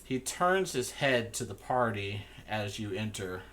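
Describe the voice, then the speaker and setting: A man narrating a tabletop game as game master in a slow, measured way. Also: fairly low pitch, lively intonation, a bit bright.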